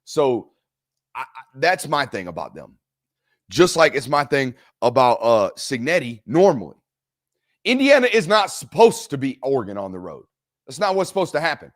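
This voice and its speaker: A man's voice: medium pitch, very animated, moderate pace. A man hosting a solo college football talk show, giving emphatic, repetitive commentary and swearing freely.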